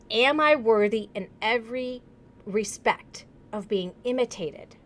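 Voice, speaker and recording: A woman's voice: mid-range voice, fairly bright tone. A woman from Wisconsin, a business coach, leading a live book discussion in an enthusiastic, gushing way, full of fillers. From Wisconsin, USA. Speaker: online tutoring business coach.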